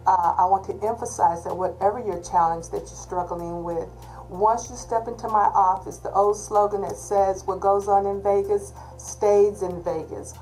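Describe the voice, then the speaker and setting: A woman's voice: mid-range voice, steady tone, normal speed, darkish tone, soft background music, low-quality recording. A woman with a Texas accent, a college disability services manager, giving an emphatic orientation talk on a video call and repeating her key points. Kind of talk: virtual orientation presentation.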